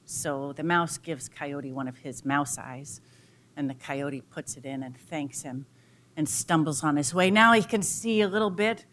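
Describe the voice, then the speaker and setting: Expressive woman storytelling in a lecture. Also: deep voice, measured pace, a little hiss or hum.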